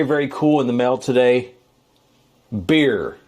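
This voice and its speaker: Man, chatty, playful, mock-serious, mid pitch, casual home video. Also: expressive, normal speed, husky. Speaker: comedian.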